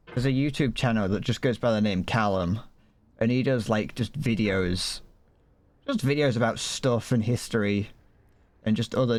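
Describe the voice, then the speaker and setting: A man's voice: fairly low pitch, darkish tone. Stammering man chatting on a game stream. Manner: stutters and restarts often; rambling, profane, chatting to viewers while playing. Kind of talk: casual gaming stream chat.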